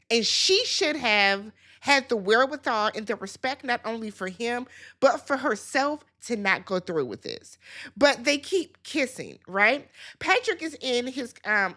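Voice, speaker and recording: A woman hosting a casual reality-TV recap, chatty and animated, talking straight to her viewers. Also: a little high. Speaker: YouTube reality-show recap host.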